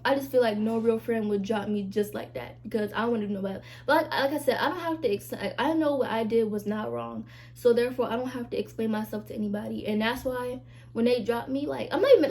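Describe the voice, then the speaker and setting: A young woman vlogging in a frank, chatty way, her voice sitting a little high but soft and mellow in tone. She talks straight to her viewers with emphatic asides, like a friend spilling about her life. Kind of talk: casual confessional chat to camera.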